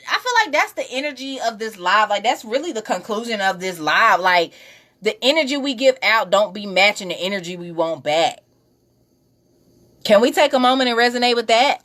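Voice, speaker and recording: This is a woman, hosting a casual live stream. Her voice sits a little low, and she talks in a loose, animated way as she reads comments and gives her own take. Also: brisk. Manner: animated, conversational, with informal slang. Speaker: livestream host reading comments. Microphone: phone or webcam on a live stream.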